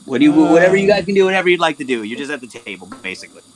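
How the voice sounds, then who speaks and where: A man's voice: a little high, big pitch swings, rapid-fire, rough recording. A man narrating as game master, rambling, with lots of "like" and "um". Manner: rambling, heavy on "like" and "um". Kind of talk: narrating a tabletop game over a voice call.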